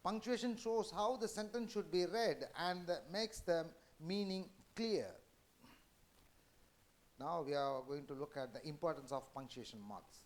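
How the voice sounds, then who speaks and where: A man with an Indian English accent giving an educational lecture, halting with many fillers and restarts. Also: fairly high pitch.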